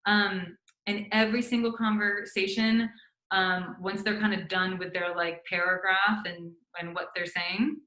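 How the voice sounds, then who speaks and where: A woman's voice: medium pitch, steady tone, measured pace, pushed and bright, reverberant, rough recording. A middle-aged woman physician giving casual instructional advice to other doctors, talking conversationally with frequent fillers and restarts and acting out sample phone lines. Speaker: physician coaching doctors on practice building.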